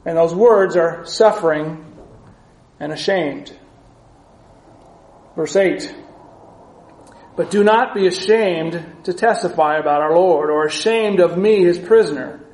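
Earnest high-voiced male preacher. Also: darkish tone, roomy sound, low-quality recording. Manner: earnest, measured teaching with scripture readings. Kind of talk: sermon.

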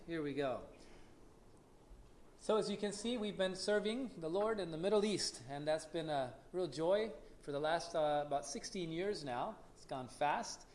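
A man in his forties, a missionary speaking to a church congregation, relaxed and unhurried with many "uh" pauses, and leading a short prayer. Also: on the high side, a little hiss or hum. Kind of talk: casual church talk with a prayer.

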